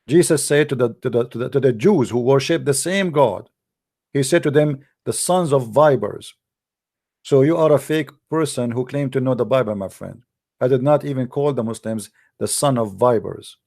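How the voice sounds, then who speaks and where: A man's voice: mid-range voice, normal speed, darkish tone. A man lecturing combatively in a livestream, mocking and scolding his opponents in non-native English. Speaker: religious debater.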